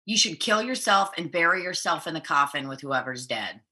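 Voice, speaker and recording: A woman's voice: sits low, animated, fairly quick, bright, forceful tone, slightly rough. Profane, blunt woman on a video call. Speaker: podcast co-host. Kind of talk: crude casual chat.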